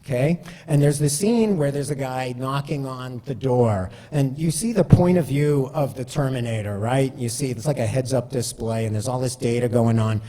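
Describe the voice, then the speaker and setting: A man's voice: medium pitch, moderate pace, hardly any pauses, warm tone, in a large hall. A man giving a conversational storytelling talk, full of fillers and asides like "right?". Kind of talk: storytelling presentation.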